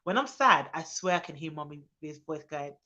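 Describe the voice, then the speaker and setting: Young nanny chatting on her live stream, bright voice, reads comments out, muffled lo-fi sound. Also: deep voice, moderate pace. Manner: chatty, reads viewer comments aloud, bursts into excited greetings. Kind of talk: casual live-stream chat. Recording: dull lo-fi sound.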